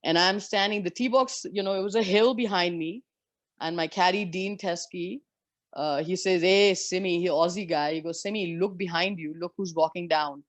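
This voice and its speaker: A woman's voice: lowish voice, normal speed, no echo. Candid woman telling stories, dry sound. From India. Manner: lively, candid anecdotes with frank swearing. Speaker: interview guest, former professional golfer. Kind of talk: storytelling in a conversation.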